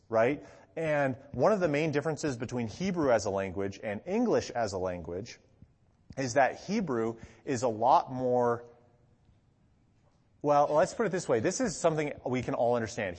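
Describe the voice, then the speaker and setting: Man preaching in a reverberant hall. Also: medium pitch. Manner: conversational, frequent "okay?" check-ins, animated emphasis. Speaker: pastor. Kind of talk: teaching sermon.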